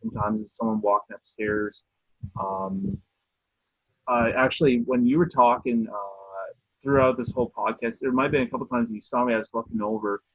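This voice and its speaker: A young man telling a story casually on a video call, hesitant, with many pauses and restarts. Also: medium pitch, steady tone, dry recording. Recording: dry phone-like raspy call audio.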